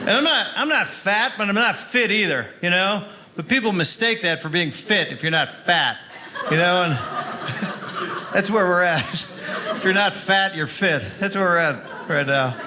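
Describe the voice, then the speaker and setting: A young man doing stand-up with a dry, wry delivery and sudden shouted bits. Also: sits high, animated, measured pace. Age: young adult. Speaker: stand-up comedian. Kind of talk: stand-up comedy set.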